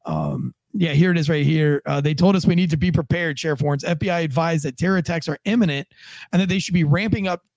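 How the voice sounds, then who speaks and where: Man, higher voice, rambling podcast co-host, dry close sound. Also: quick pace, darkish tone, dry recording. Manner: rambling, restarts a lot, acts out quoted tones. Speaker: podcast co-host, former police officer. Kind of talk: casual podcast chat.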